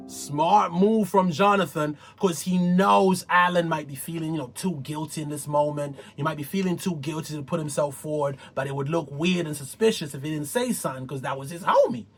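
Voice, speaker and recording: A man's voice: on the high side, moderate pace, few pauses, music in the background. A man hosting a casual reality TV recap, slangy and playful, with dramatic exclamations. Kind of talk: casual show recap commentary.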